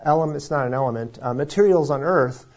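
A man's voice: on the high side, quick pace, a little mellow. A man leading an informal Bible study, talking conversationally with rambling asides and self-deprecating jokes. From Wisconsin. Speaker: preacher. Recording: slightly dull lo-fi sound.

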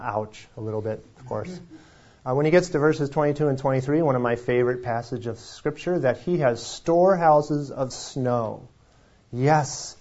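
A preacher from Wisconsin leads an informal Bible study in a mid-range, slightly mellow voice. He talks conversationally, with rambling asides and self-deprecating jokes, and the lo-fi recording sounds a little dull.

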